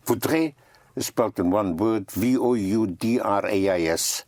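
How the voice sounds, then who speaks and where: A man's voice: on the low side, lively intonation, normal speed, a little mellow. A man teaching French vocabulary, patiently repeating each word and spelling it out letter by letter. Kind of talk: language lesson.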